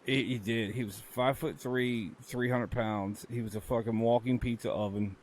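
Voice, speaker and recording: A man trading stories on a casual podcast, loose and profane, often laughing as he talks. His pitch sits in an ordinary middle range. A faint noise hangs under his voice. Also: steady tone, normal speed, a little mellow. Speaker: podcast co-host. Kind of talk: casual chat.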